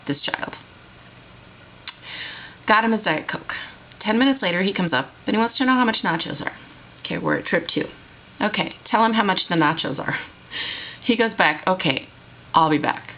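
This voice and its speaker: A woman vlogger telling a work story in an animated, exasperated storytime way. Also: lowish voice, breathy edge, muffled recording. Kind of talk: storytime vlog.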